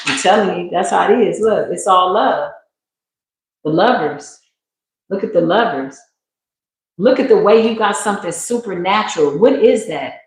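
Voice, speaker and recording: A woman reads tarot live and talks in an emphatic, slangy, preacherly way. Her voice sits at a middle pitch. It rings through a very echoey room. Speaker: tarot reader. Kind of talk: live spiritual tarot reading.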